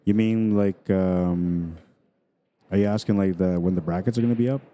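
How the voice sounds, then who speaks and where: A man's voice: sits low, fairly even intonation, normal speed, mellow. A middle-aged man from Manitoba with a Canadian accent, rambling casually as a pool stream commentator and reading viewer comments aloud.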